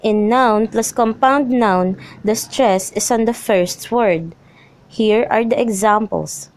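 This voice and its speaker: A young woman reading a lesson script aloud, slowly and evenly, through rules and example phrases. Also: medium pitch. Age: young adult. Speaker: student presenter.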